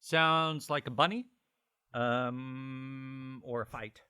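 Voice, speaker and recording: A man's voice: mid-range voice, fairly even intonation, very slow, sharp tone, clean tone, no room sound, clean studio sound. A man from the United States hosting a podcast, bantering in a playful, self-mocking way. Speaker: podcast host. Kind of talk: casual podcast chat.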